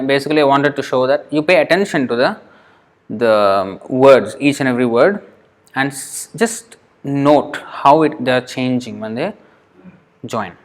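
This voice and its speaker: Patient man teaching verse pronunciation. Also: mid-range voice. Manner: patient, repeats words slowly to demonstrate pronunciation; halting, with fillers and self-corrections. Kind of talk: classroom lesson.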